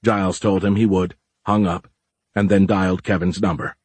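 A man reading a novel aloud in steady, measured audiobook narration. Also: low-pitched, husky, dry recording.

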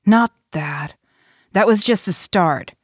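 A woman reading an audiobook, voicing an agitated, haunted man who speaks in a low, choked, furious way. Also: expressive, slow pace, no echo, studio quality. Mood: fierce.

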